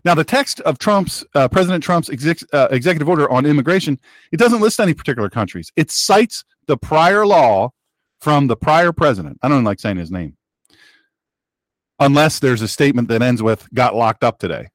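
A man's voice: on the high side, expressive, moderate pace, dry recording, clean studio sound. A man hosting a talk show, giving an opinionated monologue in an emphatic, sarcastic, preachy manner.

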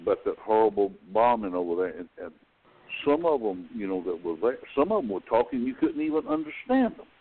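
Lively low-voiced Southern man on the phone. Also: brisk. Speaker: co-host. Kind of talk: casual podcast chat. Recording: tinny phone-line audio.

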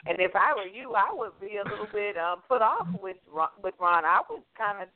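A woman's voice: medium pitch, animated, a little fast. A woman hosting a talk show, asking teasing questions in casual banter. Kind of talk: casual chat. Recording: dry, phone-like sound.

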